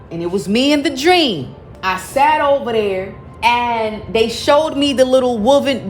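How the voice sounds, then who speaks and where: A woman giving a spiritual card reading to viewers, dramatic, with loud exclamations and emphatic repetition. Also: fairly high pitch. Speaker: psychic card reader. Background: faint background music.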